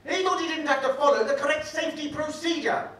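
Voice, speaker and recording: A man voicing a pompous male teacher giving a grave safety lecture, loud and preachy, in a stand-up routine. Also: very high-pitched, steady tone, fast, pitched above the performer's own voice. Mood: pompous warning. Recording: roomy live club recording from a distance, crowd.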